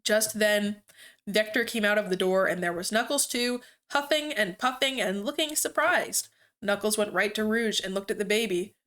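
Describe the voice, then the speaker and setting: A woman's voice: medium pitch, fairly even intonation, moderate pace, fairly bright tone. A young woman streamer reading fanfiction aloud, amused and breaking off to comment.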